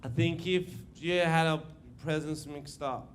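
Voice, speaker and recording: An Australian man voicing a sheepish, awkward teenage schoolboy who mumbles slowly and hesitantly. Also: a little high, fairly even intonation, slight background noise, voice pushed down, close to an everyday voice.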